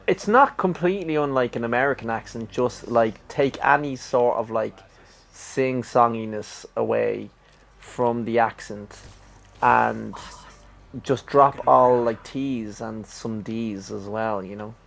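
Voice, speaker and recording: An Irish man chatting loosely while he plays a video game, with a middling, ordinary pitch. He trips over his words, restarting lines again and again before he gets them out. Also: vocal fry, a bit bright. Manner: halting, stumbles and restarts a lot. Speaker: let's-play co-host. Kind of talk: casual gaming chat.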